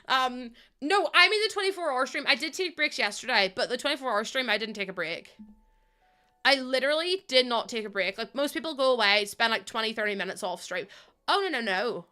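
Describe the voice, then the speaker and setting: A woman's voice: on the high side, expressive, brisk, bright, forceful tone, clean tone. A young British woman streaming live from home, chatting casually with viewers, laughing often and swinging between playful squeals and mock grumbling. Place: home room.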